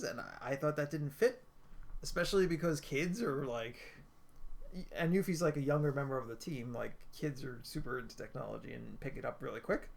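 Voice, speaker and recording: A man's voice: on the high side, gravelly, fairly bright tone. A man giving a casual, rambling game review, full of filler words and restarts. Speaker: gaming video creator.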